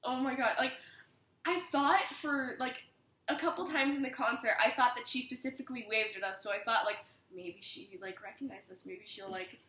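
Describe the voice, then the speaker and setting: A young woman chatting casually with a friend, halting and full of fillers. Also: a little high, fairly bright tone. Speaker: fan recounting a meet-and-greet. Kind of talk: casual chat. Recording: echoey room with faint noise.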